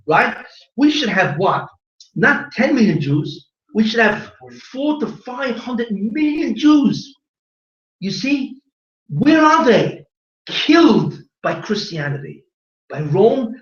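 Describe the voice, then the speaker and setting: A man with a high voice delivers a fiery religious lecture, pressing rhetorical questions on his listeners. He sounds set back from a dull-sounding microphone. His words ring out through an echoey hall. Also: recorded from a distance. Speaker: rabbi giving a lecture.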